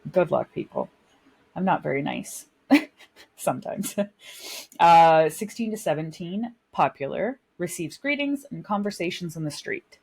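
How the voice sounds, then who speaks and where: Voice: medium pitch, lively intonation, a little slow, creaky, a little mellow, breathy edge. A podcast co-host in casual chat, rambling and self-mocking, laughing often.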